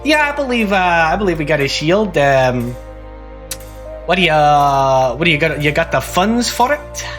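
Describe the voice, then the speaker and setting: A man voicing a brisk winged fairy shopkeeper. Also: medium pitch, big pitch swings, soft background music, close to an everyday voice. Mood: welcoming.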